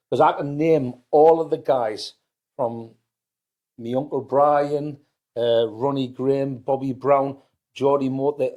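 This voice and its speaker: A man's voice: medium pitch, dark tone. A man in his fifties from County Durham with a North East English accent, telling family stories in a casual chat and often restarting words. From County Durham, England. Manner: anecdotal, repeats words as he restarts, mimics others in quotes. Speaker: podcast guest, family business owner.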